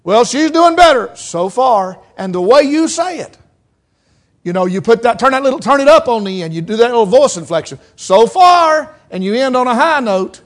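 Man, preacher, Southern mountain accent, very high pitch, folksy sermon, acts out quotes. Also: expressive, a little fast.

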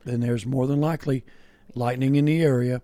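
On a morning radio show, a male co-host chats casually on air in an easygoing, folksy way, his talk full of "you know" and "yeah." His mid-range voice is mellow and steady, moving fairly quickly, and the recording is dry.

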